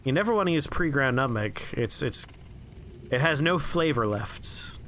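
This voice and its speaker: A man streaming a game, rambling through profane, relaxed anecdotes as he plays. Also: medium pitch, normal speed, a little hiss or hum. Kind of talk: casual gameplay commentary and storytelling.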